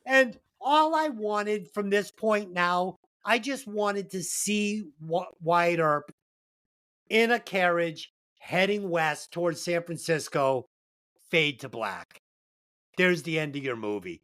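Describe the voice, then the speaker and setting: Woman co-host, casual movie-review banter, heavy swearing, emphatic and animated delivery. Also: lowish voice, slow. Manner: profane, animated, emphatic storytelling. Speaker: podcast co-host.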